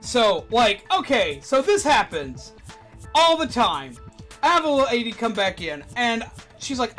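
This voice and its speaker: A streamer and former game store manager telling stories in casual chat, animated, with loud indignant outbursts. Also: medium pitch, a little slow, soft background music.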